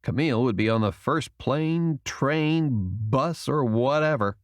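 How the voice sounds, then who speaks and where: Audiobook narrator: man, expressive and lively, dry studio sound. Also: medium pitch, moderate pace, few pauses, no echo. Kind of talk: scripted narration.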